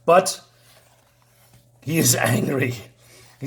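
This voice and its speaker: A man's voice: medium pitch, lively intonation, unhurried. A man reviewing a comic book, recapping the plot in a rambling, casual way and reading character lines aloud.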